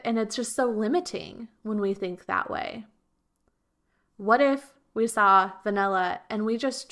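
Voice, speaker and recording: A woman's voice: a little high, fairly bright tone. An earnest woman talking through a solo podcast episode as a relationship coach. She circles back over her points and sometimes slips into quoted voices to make them vivid. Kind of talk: reflective solo podcast talk.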